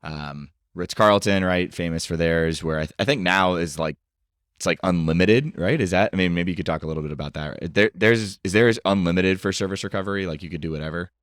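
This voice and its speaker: A man hosting a podcast interview, asking loose, rambling questions in a relaxed way. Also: deep voice, brisk, dry recording, studio quality. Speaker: podcast host.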